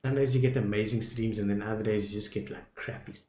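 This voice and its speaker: A young South African man streaming a video game, talking casually to his viewers, muttering at times and loudly dismayed at others. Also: on the low side, steady tone, quick pace, roomy sound, slight background noise. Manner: talks to viewers as "dudes" and "boys", swings from muttering to loud dismay. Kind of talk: casual live gameplay commentary.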